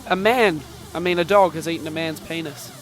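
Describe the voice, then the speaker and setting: A man's voice: on the high side, a little fast. A young man hosting a casual comedy podcast, joking and rambling, often tripping over and repeating his words. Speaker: podcast host.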